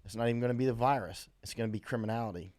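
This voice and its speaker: A man's voice: mid-range voice, rapid-fire, a little mellow. An American man hosting a live stream, chatting casually and rambling with many fillers and restarts as he reads viewer comments aloud. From USA.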